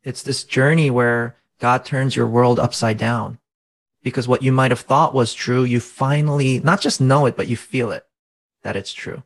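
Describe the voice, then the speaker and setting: A man's voice: medium pitch, steady tone, moderate pace, low-quality recording. A man in his thirties, a faith-based coach, earnestly explaining in casual conversation and often asking rhetorical questions.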